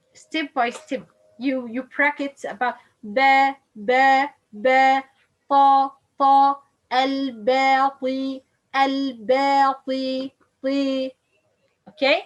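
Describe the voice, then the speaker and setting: Slow, high-voiced woman teaching pronunciation. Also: highs cut off. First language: Arabic. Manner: slow, repeats letters and words for drilling, non-native English grammar. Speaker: Quran recitation teacher. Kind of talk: tajweed pronunciation lesson.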